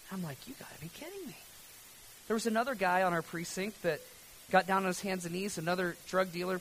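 A male pastor delivering a sermon with a bright, forceful tone. He moves between loud, emphatic preaching and quiet, near-whispered lines. A faint hiss sits under the recording. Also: high-pitched, rough recording.

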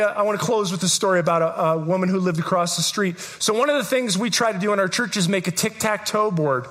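A man's voice: high-pitched, fairly bright tone. A middle-aged man preaching a sermon as pastor, telling stories earnestly, often restarting and repeating words.

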